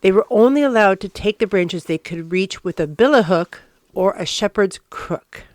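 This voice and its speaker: A woman's voice: medium pitch, animated, moderate pace, a little mellow, no room sound. A woman co-hosting a podcast, explaining where old phrases come from in a curious, informative way. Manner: explanatory, curious about word origins. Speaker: podcast co-host. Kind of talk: casual chat, sharing history.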